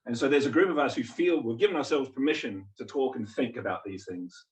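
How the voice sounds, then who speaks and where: A man's voice: medium pitch, lively intonation, quick pace. Man with an English-tinged accent, roomy hall. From New Zealand. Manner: chatty, self-deprecating, hesitant. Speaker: guest speaker, physics lecturer. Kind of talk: public talk to a community gathering. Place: meeting house. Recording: roomy hall, distant mic.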